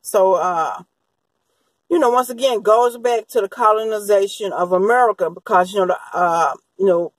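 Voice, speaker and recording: A woman's voice: mid-range voice, measured pace, dry recording, poor audio. A woman giving a rambling, unscripted crime-history monologue, full of fillers and restarts. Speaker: true-crime commentator.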